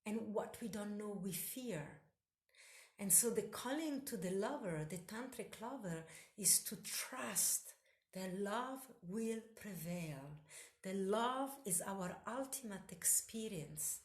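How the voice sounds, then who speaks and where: Slow, echoey woman musing spiritually. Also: medium pitch, expressive. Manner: incantatory, repetitive phrasing. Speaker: solo podcast host.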